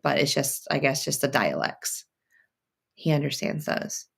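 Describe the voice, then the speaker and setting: Sewing on a live stream, this woman chats and reads her viewers' comments aloud, thinking out loud with plenty of fillers and restarts. Her voice is extremely low and sing-song, a little slow, with vocal fry and a breathy edge.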